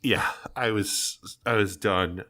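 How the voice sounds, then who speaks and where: A man with a lowish voice chats loosely on a gaming podcast. He rambles through his points and pads them with fillers. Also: steady tone, takes it slowly, pushed and bright. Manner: laid-back, rambling with many fillers. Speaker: podcast co-host. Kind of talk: casual gaming podcast chat.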